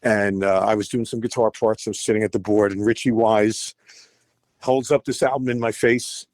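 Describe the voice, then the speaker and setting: A man's voice: lowish voice, moderate pace, no room sound. Older man telling stories animatedly. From United States. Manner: animated, acts out quoted voices. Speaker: guest musician. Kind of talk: storytelling interview.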